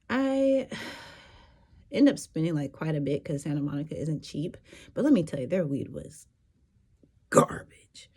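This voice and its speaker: A woman's voice: low-pitched, mellow. A woman telling a personal story in a candid, rambling casual monologue, laughing now and then.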